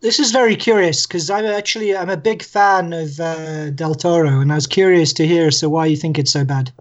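A man's voice: a little high, steady tone, normal speed. Teasing male podcast co-host. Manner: teasing, chatty. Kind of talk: casual panel chat.

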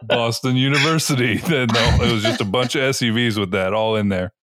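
A man's voice: mid-range voice, a little fast, a bit bright. A man co-hosting a podcast who drops dry, wry one-liners into casual chat. His voice sounds close and dead, with no room echo at all. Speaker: podcast co-host.

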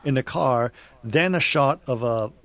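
A man's voice: medium pitch, measured pace, a bit bright, dry recording. A man co-hosting a casual podcast chat, telling stories in a rambling, self-correcting way. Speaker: podcast co-host.

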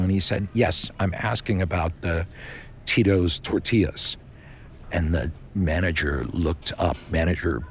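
A man's voice: deep voice, slight background noise. A man casually improvising a bedtime story, rambling with many fillers.

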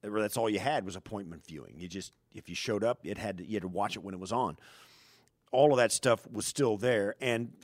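A man's voice: fairly low pitch, a little fast, no echo. Middle-aged radio guy, rambling stories, close dry mic. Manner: rambling, animated storytelling. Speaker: sports radio co-host. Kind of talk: casual sports radio chat.

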